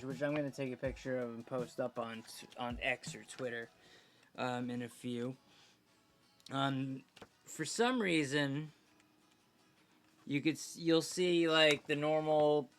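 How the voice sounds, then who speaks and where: A man's voice: medium pitch, fairly bright tone. A man hosting a fan show, casually reading an old program aloud and breaking in with joking asides.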